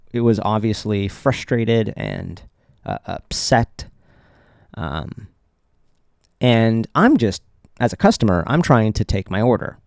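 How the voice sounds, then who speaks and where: A man's voice: lowish voice, gravelly, a little mellow, dry recording, studio quality. A man hosting his own podcast, telling a personal story in a casual, conversational way, chuckling often and restarting his sentences. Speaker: podcast host.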